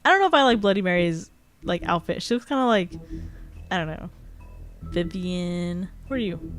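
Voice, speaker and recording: A woman's voice: fairly low pitch, animated, normal speed. Chatty young woman streaming casually. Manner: chatty, rambling, heavy use of "like". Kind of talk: casual live-stream chat. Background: faint background music.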